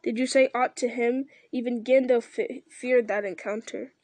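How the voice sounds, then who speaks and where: A woman voicing a gruff male dwarf warrior, reading his urgent questions plainly. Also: on the high side, fairly even intonation, moderate pace, a little mellow, no echo, lightly acted. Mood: anxious. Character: gruff, blunt male dwarf warrior, fearful of dark magic.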